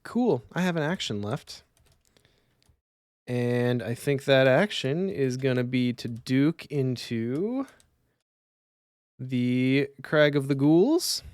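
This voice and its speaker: A man's voice: mid-range voice, animated, slow pace, pauses often, darkish tone, smooth, dry recording. Guy on a live stream playing cards alone, mumbles rules, dry close mic. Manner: mutters rules half to himself, chats with viewers. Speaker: streamer playing a card game solo. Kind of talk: casual live-stream commentary.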